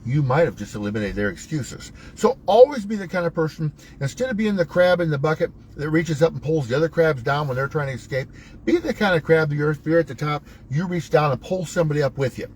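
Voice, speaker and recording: A man's voice: fairly high pitch, lively intonation, fast talker, slight background noise, rough recording. A man hosting a motivational talk, coaching viewers in a preachy, emphatic, folksy way with wide swings in his voice. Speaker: host.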